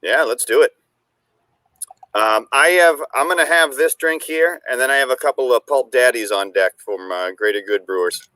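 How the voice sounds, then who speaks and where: A man's voice: mid-range voice, normal speed, pushed and bright, dry recording. An easygoing man with a mid-range voice chats casually while mixing a cocktail. He hesitates often with fillers. The sound is dry and close. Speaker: cocktail-making co-host. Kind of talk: casual chat, demonstrating a drink.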